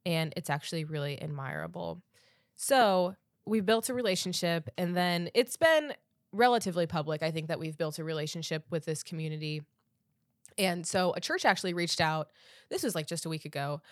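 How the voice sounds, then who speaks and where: Earnest, lower-pitched woman guest. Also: fairly quick, dry recording, studio quality. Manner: earnest, animated storytelling with many "like"s. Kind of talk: conversational interview.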